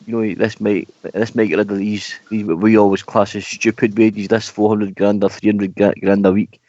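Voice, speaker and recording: A man's voice: lowish voice, flat delivery, normal speed, mellow, dry recording. A man calling into a radio show, giving strong opinions and saying mate often. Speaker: caller. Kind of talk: casual radio phone-in chat. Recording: dry lo-fi phone-in audio.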